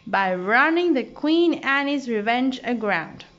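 Worried sea turtles, as a woman reading aloud plays them, explaining in a slow, lifted, lilting voice. The sound is muffled and lo-fi. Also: a little high, animated, fairly bright tone. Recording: dull lo-fi audio.

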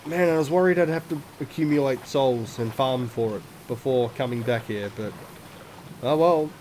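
A man's voice: mid-range voice, normal speed, darkish tone, slight background noise. A man hosting a let's play, giving casual gameplay commentary, swearing often and making self-mocking, chatty asides. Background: game music.

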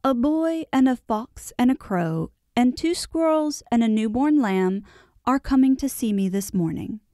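A woman's voice: mid-range voice, a little slow, dark tone, no echo, studio quality, close to an everyday voice. A woman voicing a lordly, imperious young boy. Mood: commanding. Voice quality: haughty, lordly commands.

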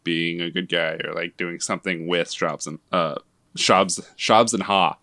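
A man's voice: sits low, fairly even intonation, measured pace, sharp tone, dry recording, clean studio sound. A man co-hosting a casual movie podcast, laid-back and joking. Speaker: podcast co-host.

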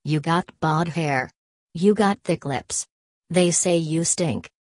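A woman's voice: sits low, slow pace, darkish tone, no echo. A woman reading the lines of a stocky, fiery male street agitator who rants and pleads in clipped dialect. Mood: raging, pleading. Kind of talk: audiobook character voice.

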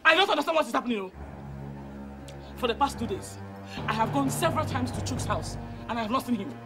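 A woman's voice: on the high side, lively intonation, quick pace. An actress with a Nigerian accent playing a defiant young woman who stammers when pressed. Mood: anxious. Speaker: young daughter. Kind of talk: Nollywood film acting. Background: loud film score music.

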